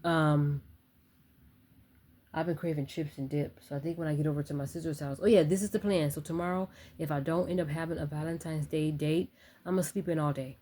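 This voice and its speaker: A woman's voice: deep voice, fairly even intonation, brisk, warm tone. A young woman chatting casually to her phone camera at home, rambling and talking straight to her viewers. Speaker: vlogger.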